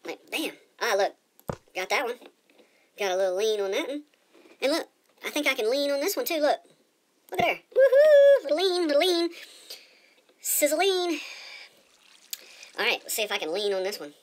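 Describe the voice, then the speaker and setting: A woman's voice: mid-range voice, animated, fast talker, long pauses, fairly bright tone. A woman giving casual let's-play commentary as she plays, chatty and rambling, often repeating her words. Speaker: gamer.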